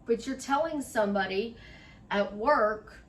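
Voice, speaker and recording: A woman's voice: fairly high pitch, measured pace, far from the mic, slight background noise. A middle-aged woman life coach giving a chatty, rambling motivational monologue, speaking straight to the listener. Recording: echoey room, voice off-mic.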